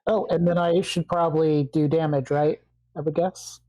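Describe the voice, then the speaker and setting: Woman player, lowish mellow voice, kinda unsure, asks lots of questions. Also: steady tone, moderate pace, low-quality recording. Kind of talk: tabletop game play.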